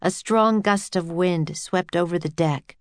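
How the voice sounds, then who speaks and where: A woman's voice: fairly low pitch, measured pace, no room sound. Woman narrating a children's audiobook.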